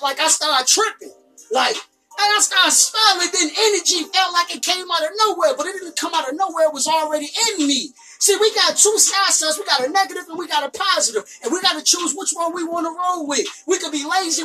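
Woman, motivational speaker, high voice, emphatic and repetitive, set back from the mic, faint music under. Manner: emphatic, repeats lines, bursts into shouting. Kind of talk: motivational monologue. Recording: distant from the mic.

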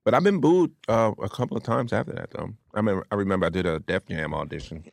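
A man, a comedian, telling stories in a casual chat, animated and often laughing. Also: lowish voice, fast talker, creaky, no echo, clean studio sound. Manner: animated storyteller, acts out quotes, laughs often. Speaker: comedian guest.

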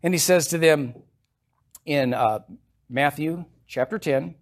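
A man's voice: fairly high pitch, slow pace. Preaching man, emphatic scripture reading. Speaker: pastor. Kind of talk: sermon. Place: church.

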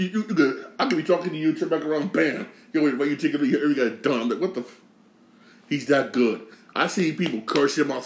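A man from Connecticut hosting a podcast, ranting casually with slang and a lot of repetition, swinging from loud outrage to low grumbling. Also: echoey room. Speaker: podcast host. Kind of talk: casual sports rant.

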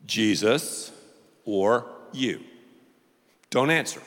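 A man preaching a sermon to a large church crowd, playful and animated, drawing the audience into call-and-response. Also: medium pitch, drawn-out words, long reverb tail. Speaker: pastor.

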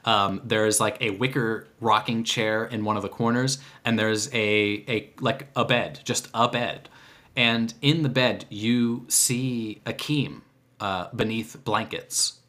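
A man's voice: lowish voice, fairly even intonation, bright, forceful tone. Laid-back man running a tabletop game. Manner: casual and halting, lots of fillers and restarts. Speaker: game master.

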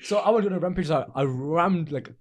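A man's voice: on the high side, fast talker. A young man, co-hosting a podcast in casual chat. He rambles, restarts often and uses a lot of slang. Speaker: podcast co-host.

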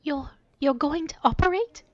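A woman's voice: very high-pitched, big pitch swings, unhurried, no room sound, muffled recording, pitched above the performer's own voice, heavily acted. A woman voicing a distraught young woman whose voice quivers and breaks into sobs. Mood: tearful distraught.

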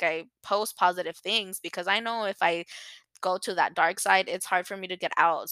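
Animated chatty woman, bright crisp voice. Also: fairly low pitch, dry recording. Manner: chatty and animated, rambles and restarts. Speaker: podcast host. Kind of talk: casual solo podcast chat.

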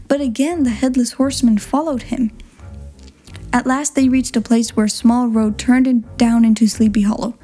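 Soft music plays quietly beneath a woman narrating a storybook. Her slightly high voice has a warm, mellow quality, and she reads clearly and simply in a way suited to learners.

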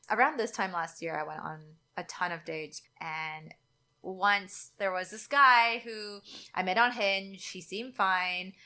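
A young woman, telling a dating story in casual chat and acting out the quotes with big jumps in pitch. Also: bright, forceful tone.

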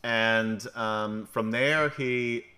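A man's voice: mid-range voice, fairly even intonation, drawn-out words, bright, forceful tone. A man from New York, the game master on a livestream, recapping the campaign in a joking, rambling way with many fillers.

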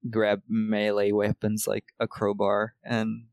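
Gravelly American man recapping a film. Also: lowish voice, monotone, slow pace, a little mellow, no echo. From United States. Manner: rambling, laughs often, swears casually. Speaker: podcast co-host. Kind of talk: casual movie recap chat.

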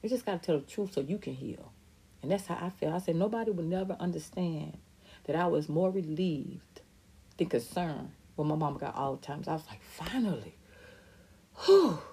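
Woman, middle-aged, podcast host, candid and emphatic, gravelly fry, lowish voice. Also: animated, normal speed, dark tone. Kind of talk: personal talk reading viewer comments.

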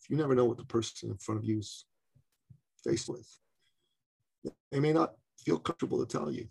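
Gravelly, husky-voiced man telling a story. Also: medium pitch. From Canada. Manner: animated storyteller, acts out quoted voices. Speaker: speaker and business coach. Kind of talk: storytelling in conversation.

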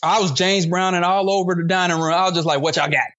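A man in a podcast conversation, spinning an animated comic story full of slang and swearing. His voice sits a bit high for a man, and the recording sounds dull and lo-fi. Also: fast. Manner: loose, slangy, profane. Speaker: guest comedian.

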